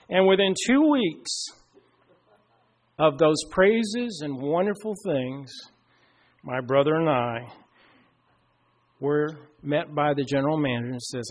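Man preacher, high-pitched, middle-aged, storytelling sermon with hushed emphatic pauses. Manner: storytelling, slows down and drops to a hush for emphasis.

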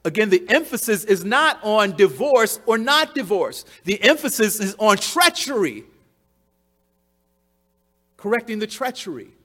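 A man preaching a sermon, repeating key phrases for emphasis and swinging from loud declarations to hushed, low passages. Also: sing-song, unhurried.

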